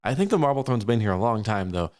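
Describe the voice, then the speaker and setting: An easygoing male goblin rambles on and trails off in a tabletop fantasy game, as a man puts him on. His voice is low and unhurried, full of hesitations and half-finished thoughts. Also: sing-song, a little mellow. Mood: rambling.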